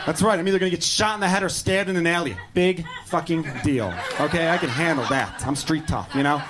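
A man's voice: on the high side, fast, few pauses, background noise. A man performing a stand-up set, brash and profane, acting out both sides of a story. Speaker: stand-up comedian.

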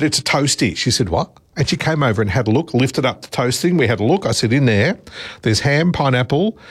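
Middle-aged Australian male radio host, chatty storyteller, husky voice, dry close sound. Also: mid-range voice, dry recording. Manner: chatty, animated anecdote telling.

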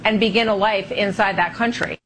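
A woman's voice: mid-range voice, steady tone, brisk, a bit bright, slight background noise, rough recording. A female TV news host interviewing a guest, pushing back with pointed questions. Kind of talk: broadcast TV interview.

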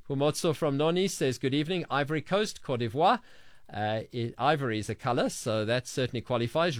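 A man's voice: mid-range voice, no echo, studio quality. A man hosting a radio sports show, reading listener messages and quiz answers aloud in a chatty way. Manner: chatty, reads names and quiz answers briskly.

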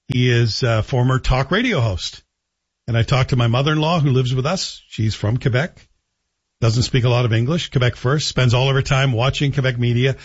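Middle-aged male talk radio host, slightly husky voice, wry and sarcastic, on a dull lo-fi recording. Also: on the high side. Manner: sarcastic, joking asides. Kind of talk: radio monologue.

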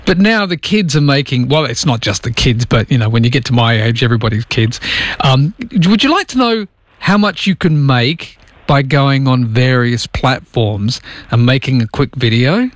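A man's voice: medium pitch, expressive, moderate pace, no room sound. A middle-aged man hosting a talk radio show in casual chat, joking and reading out listener messages. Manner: chatty, jokey, reads listener texts aloud. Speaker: radio host. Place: radio studio. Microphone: studio microphone.

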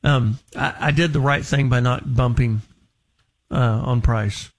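A man hosting a radio show, telling a story to a caller in quick, chatty talk. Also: mid-range voice, steady tone. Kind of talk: casual radio chat.

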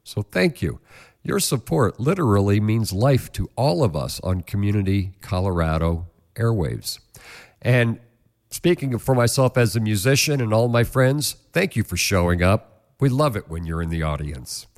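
A man's voice: on the low side, very animated, moderate pace. Earnest radio host, man. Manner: earnest, grateful. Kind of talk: radio announcing.

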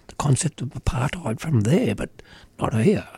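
A middle-aged Australian man with an Australian accent talks earnestly in casual conversation. His voice is gravelly and husky, with a mellow, dark tone. The sound is dry and close. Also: medium pitch, big pitch swings, moderate pace, no echo. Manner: earnest, emphatic, many "you know" fillers.

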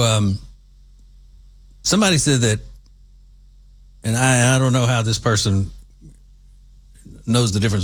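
A middle-aged man with a drawl hosts a loose commentary monologue. He rambles from point to point with folksy asides, in an ordinary mid-pitched voice. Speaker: commentary show host. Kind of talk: casual political commentary monologue.

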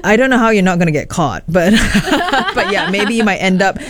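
Singaporean woman, radio host, bubbly chat, lively swooping pitch. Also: no echo. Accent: Singaporean English. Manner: bubbly, quick to laugh. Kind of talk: morning radio chat and traffic report.

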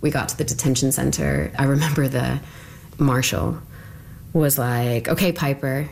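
A woman's voice: extremely low pitch, fairly even intonation, moderate pace, vocal fry, a little mellow. A woman being interviewed, telling her own story in a chatty, casual way, full of "like", sometimes dropping to a whisper. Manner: chatty, full of "like", drops to whispers for remembered thoughts.

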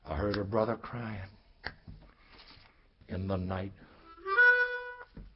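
A man telling a poetic spoken-word story in a sing-song way, swinging from soaring highs to hushed lows, heard on a dull lo-fi recording. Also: level tone, takes it slowly, music in the background.

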